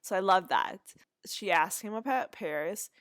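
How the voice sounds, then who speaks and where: A Canadian podcast host recaps a TV episode in a chatty way, full of asides and restarts. Her voice is medium-pitched and a bit bright, with lively intonation and a moderate pace. The recording is clean studio sound with no echo.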